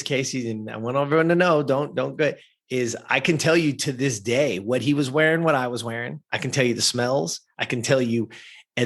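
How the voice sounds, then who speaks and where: Man, mid-pitched, husky voice, animated podcast guest telling a personal story. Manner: animated, addresses listeners directly.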